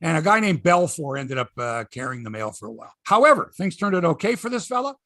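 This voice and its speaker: A man with a Canadian accent and a somewhat high voice talks fast on his sports talk show, captured in studio quality without echo. He's a lively storyteller who swears liberally and does impressions of others.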